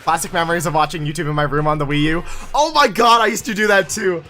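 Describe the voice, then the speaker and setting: A young man chatting casually to his viewers while playing a game, animated and chatty. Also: on the high side, fast, faint music behind. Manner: animated, chatty, talks to chat. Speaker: game streamer. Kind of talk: casual live-stream chat while gaming.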